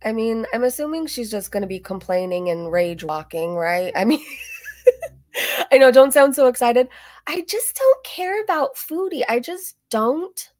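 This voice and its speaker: A woman's voice: a little high, sing-song, a little slow, dry recording, studio quality. A young woman hosting a live stream, chatting casually in an offhand, rambling way. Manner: offhand, dismissive, rambling with fillers. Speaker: commentary streamer host.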